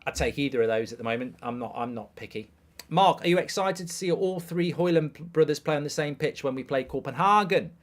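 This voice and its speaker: Brief: male football watchalong host, raised pitch, crude banter, reels off scores and messages. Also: a little fast. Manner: crude, joking, reads out viewer messages and scores. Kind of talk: live football watchalong chat.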